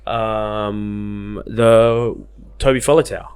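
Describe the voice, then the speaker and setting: A young man in his twenties with an Australian accent, a podcast guest telling animated, self-mocking stories in casual slang. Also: on the low side, extremely slow, clean tone. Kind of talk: casual storytelling.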